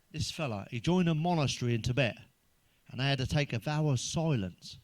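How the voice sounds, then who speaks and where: A man's voice: on the high side, no echo. A man telling crude stand-up jokes, swearing constantly and laughing at his own punchlines. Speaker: stand-up comedian.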